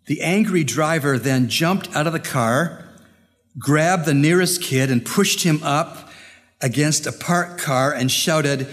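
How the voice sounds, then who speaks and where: A male pastor preaching a sermon and telling a story, earnest and deliberate with pauses. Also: fairly high pitch, a bit bright. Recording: long hall reverb.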